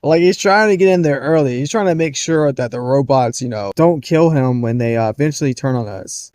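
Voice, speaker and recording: A man's voice: medium pitch, expressive, a little fast, hardly any pauses, a little mellow, no echo. A man hosting a casual reaction commentary, blunt and mocking, who laughs off what he reacts to. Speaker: commentary host.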